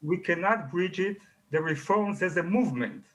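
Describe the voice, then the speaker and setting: A man's voice: high-pitched, normal speed, fairly bright tone. A man, a rabbi in a heated televised debate, making blunt, emphatic short declarations.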